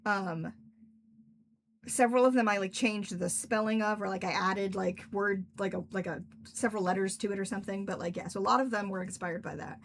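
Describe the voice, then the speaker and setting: Speaking fairly quickly with fairly even intonation, the young woman has a medium-pitched voice, and a little background noise can be heard. She's an author hosting a casual Q&A stream from home in cosplay, and her chatty, rambling replies are packed with fillers, especially "like."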